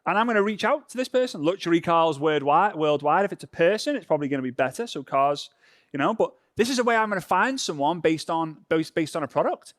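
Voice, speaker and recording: A man's voice: fairly high pitch, expressive, quick pace, no room sound, clean studio sound. European man teaching in a casual, chatty way. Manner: casual, chatty, drops in "right?" checks. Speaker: social media trainer. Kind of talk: live online training session. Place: home.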